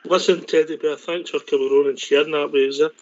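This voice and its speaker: A man's voice: a little high, steady tone, brisk, darkish tone. A man hosting a radio phone-in, thanking callers and wrapping up. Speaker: host. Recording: dull lo-fi sound.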